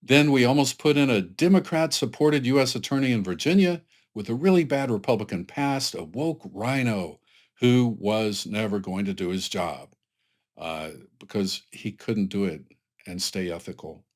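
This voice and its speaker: A man doing a blustering older dictator, indignant and accusing, with a fairly low voice. He pushes each complaint hard. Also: expressive, moderate pace, lightly acted.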